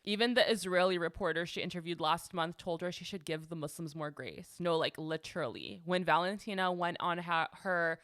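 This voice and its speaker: A woman's voice: lowish voice, fairly quick, few pauses, fairly bright tone. A young woman hosting a casual commentary show, talking sarcastically and chattily with lots of "like.". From United States. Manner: sassy, sarcastic, chatty with frequent "like". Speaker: podcast host.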